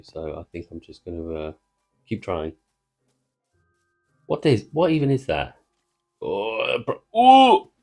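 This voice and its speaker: Deep-voiced man rambling over gameplay. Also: a little mellow. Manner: rambling, self-interrupting joke-telling. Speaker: gaming video creator. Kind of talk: casual let's-play commentary.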